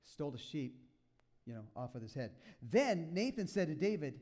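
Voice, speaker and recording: A man preaching to a congregation in a church, his voice sitting a little high. He retells the story with lively, animated asides and gives each character a voice of its own. The delivery is casual and conversational, not formal. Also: normal speed. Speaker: pastor. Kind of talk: sermon.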